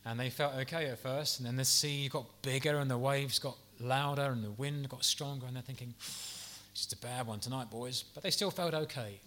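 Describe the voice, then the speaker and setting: Bright-toned man preaching a gentle sermon. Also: medium pitch, fairly quick, few pauses. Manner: gentle, earnest, pastoral; soft asides with some restarts.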